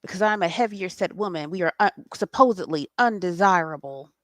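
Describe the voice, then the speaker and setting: A woman's voice: on the low side, animated, a little fast, no room sound, clean studio sound. A woman, hosting a spiritual late-night talk in an impassioned, preachy way and swearing freely. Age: 40s. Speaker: spiritual host.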